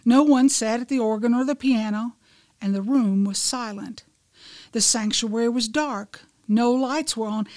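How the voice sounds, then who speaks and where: A woman's voice: a little high, a little mellow, dry recording. Woman telling a devotional story, dry close sound. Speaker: devotional writer and presenter.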